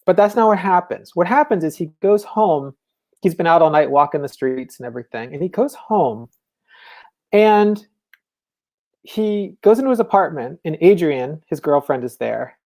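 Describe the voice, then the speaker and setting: Mellow-voiced man talking about writing. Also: a little high, expressive, normal speed. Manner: enthusiastic, conversational, many fillers. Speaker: novelist, festival speaker. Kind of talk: casual lecture on writing.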